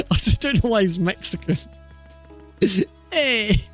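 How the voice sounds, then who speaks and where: Guy streaming a speedrun, kinda high voice, laughs constantly, swears casually, faint music under him. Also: lively intonation, moderate pace. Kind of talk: casual live-stream chat.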